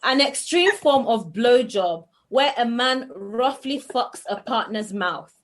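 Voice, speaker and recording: A woman's voice: fairly high pitch, animated, slow pace. A woman co-hosting a podcast, blunt and giggly in casual group chat. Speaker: podcast co-host.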